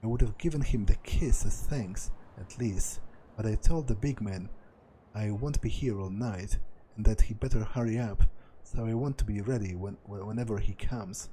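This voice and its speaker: A man's voice: fairly low pitch, normal speed, warm tone, a little hiss or hum, low-quality recording. A man reading a visual novel aloud as a let's play narrator, doing every part in his own voice and stumbling over words now and then. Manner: reads every part in his own voice, with small slips and restarts.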